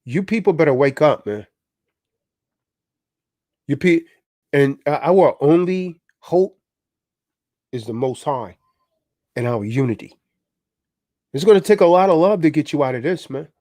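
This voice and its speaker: Man, livestream preacher; high, very lively delivery, dead-dry sound. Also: measured pace, long pauses, dry recording. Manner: preachy, exhorting, repeats "man". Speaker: livestream host.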